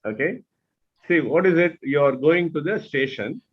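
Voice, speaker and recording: Over a video call, this Indian-English-accented man mentors a speaking class, patiently modeling tones himself. He speaks at a normal speed in a fairly high voice with lively intonation and a breathy edge, and the recording sounds muffled.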